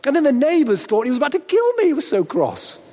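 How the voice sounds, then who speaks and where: High-voiced preacher in a reverberant hall. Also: male voice, wildly swooping pitch, warm tone. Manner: dramatic, rhetorical questions, pauses for effect. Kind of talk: sermon. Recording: long reverb of a large hall.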